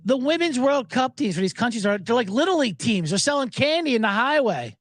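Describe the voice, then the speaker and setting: A man's voice: very high-pitched, sing-song, fairly quick, a bit bright, dry recording, clean studio sound. A man hosting a sports betting show, talking in a loose, joking, profane ramble full of asides. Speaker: sports betting podcast host. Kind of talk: casual rambling commentary.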